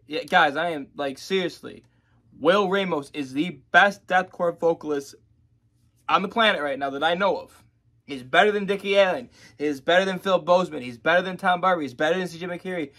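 A young man talks loosely and excitedly, his voice pitched a bit high for a man. He swears constantly and rambles in casual reaction commentary. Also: brisk. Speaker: music reaction YouTuber.

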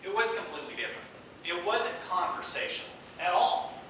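Middle-aged male speaker, high voice, distant mic in a very echoey hall. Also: brisk, background noise. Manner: animated, acts out quoted voices. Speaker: guest speaker. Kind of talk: storytelling talk to an audience.

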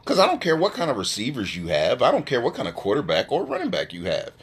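A brash, profane man ranting casually into a phone on a live stream. His pitch swings widely, leaping up high when he gets worked up. His trash talk is blunt and mocking. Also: wildly swooping pitch, fast, husky. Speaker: live-stream sports show host.

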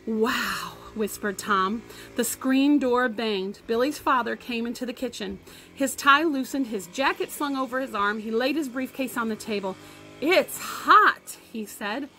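A woman teacher reading a novel aloud to her class in expressive storytelling, recorded at home for a lesson. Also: fairly high pitch, moderate pace, soft background music, rough recording.

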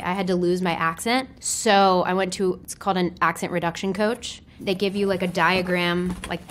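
A woman's voice: lowish voice, slight background noise. A young woman from Tennessee with a neutral American accent, answering questions about herself in a chatty, self-deprecating way with frequent laughter. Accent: neutral American, faint Southern. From Memphis, Tennessee, US. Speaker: actress answering web search questions. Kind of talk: casual chat.

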